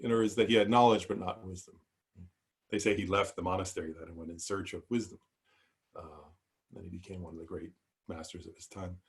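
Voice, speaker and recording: Man, Buddhist teacher, low voice, husky, halting delivery, video call class. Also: fairly even intonation. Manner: hesitant, many fillers and asides, seeks agreement with "right?". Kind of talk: online dharma class lecture.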